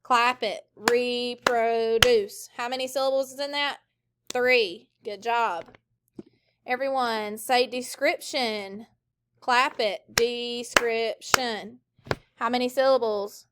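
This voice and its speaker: Slow, clear-speaking woman teaching phonics. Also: a little high, noisy background. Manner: slow, clearly sounded-out drill prompts. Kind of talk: recorded phonics lesson for a class.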